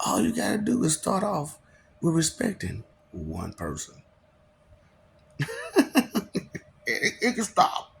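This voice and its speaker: A man's voice: on the high side, vocal fry, slight background noise. A man delivering a rambling, preachy monologue to viewers, often laughing and firing off mocking rhetorical questions, sometimes stumbling over his words. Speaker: self-proclaimed god addressing viewers.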